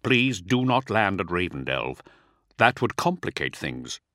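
A man voicing a calm, loyal male officer who speaks earnestly and in measured tones. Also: deep voice, no room sound, studio quality, exaggerated voice.

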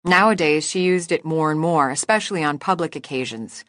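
A woman reading a novel aloud as narrator in a measured, even storytelling manner. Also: low voice, no echo, studio quality. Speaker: audiobook narrator. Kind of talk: scripted narration.

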